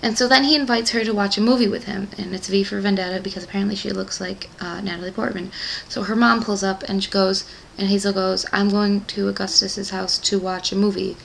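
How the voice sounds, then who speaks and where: Woman, young, casual book recap, chatty, rambling, gushing fan, fry in the voice. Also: medium pitch, steady tone, fast, a little hiss or hum, rough recording. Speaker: book club vlogger.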